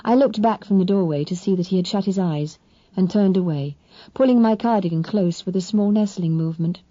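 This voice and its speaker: A woman reading a novel aloud in measured, expressive first-person narration. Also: medium pitch, no echo, dull audio. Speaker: audiobook narrator.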